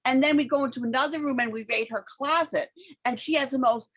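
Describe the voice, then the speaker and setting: A woman's voice: sits high, fairly quick, fairly bright tone, breathy edge. A woman hosting a theater show, reviewing a play and interviewing a guest in an enthusiastic, gushing way.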